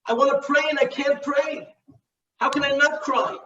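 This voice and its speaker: A man's voice: extremely high pitch, steady tone, moderate pace, bright, forceful tone, slight background noise, pitched above the performer's own voice. A man voicing a plaintive, pleading rabbi. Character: pious rabbi brother, pained and pleading. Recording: echoey, distant, dull video call.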